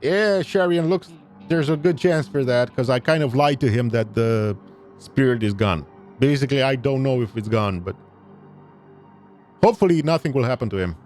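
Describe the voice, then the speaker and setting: A man streaming a game live, reading the story text aloud and making chatty, excitable asides to his chat. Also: mid-range voice, moderate pace, faint music behind. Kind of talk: live game playthrough with read-aloud narration.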